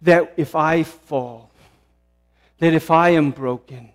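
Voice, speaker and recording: Male pastor, high voice, mid-sermon; builds to emphatic peaks, then drops to a hush. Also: slow, big-room sound. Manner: impassioned, swelling to emphatic peaks then dropping hushed. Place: church sanctuary.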